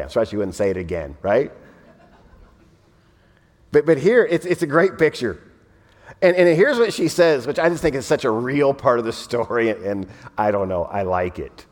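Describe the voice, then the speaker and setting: A man preaching a sermon in a church in a conversational, animated way, often repeating his words. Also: mid-range voice, moderate pace, big-room sound. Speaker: pastor. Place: church hall with in-room and online audience.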